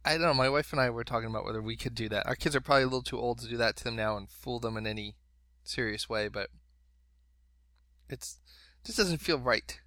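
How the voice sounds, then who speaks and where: A middle-aged man chatting casually as a podcast co-host, retelling things in an animated way with laughing asides. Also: medium pitch, fast talker, dry recording, clean studio sound. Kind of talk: casual chat.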